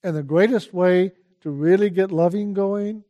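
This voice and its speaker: On a muffled recording, an older teacher whose voice sits high speaks calmly and without haste on spiritual themes. He asks his listeners to pay attention again and again.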